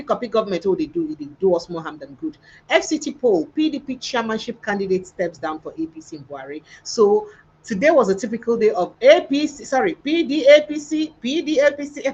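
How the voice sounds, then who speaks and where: A woman's voice: on the low side, highs cut off, slight background noise. A Nigerian woman hosting a news livestream, reading headlines in a casual chatty way with pidgin asides. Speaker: news show host.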